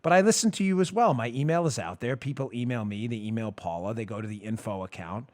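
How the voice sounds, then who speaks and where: A man hosting a political talk show, giving an emphatic, animated monologue and often laughing and bantering with his producer. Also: medium pitch, fast. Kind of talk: opinionated monologue.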